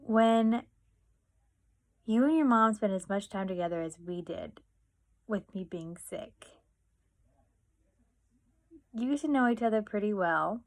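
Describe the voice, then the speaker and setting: A woman's voice: mid-range voice, lively intonation, slow, long pauses. Chatty young woman telling stories. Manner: chatty, lots of fillers and quoted dialogue. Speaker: vlogger. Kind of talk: casual storytelling.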